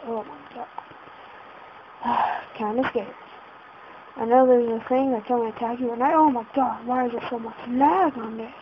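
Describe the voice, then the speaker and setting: Brief: woman gamer, slightly high voice, panicky running commentary, muffled lo-fi recording with faint hiss. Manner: flustered, keeps exclaiming in panic. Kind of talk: casual let's-play commentary. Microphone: laptop setup. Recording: dull lo-fi home recording.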